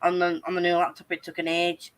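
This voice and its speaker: A woman's voice: lowish voice, monotone, fast talker, a little hiss or hum. A young adult woman hosting a casual chat, rambling along and swearing freely. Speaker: host.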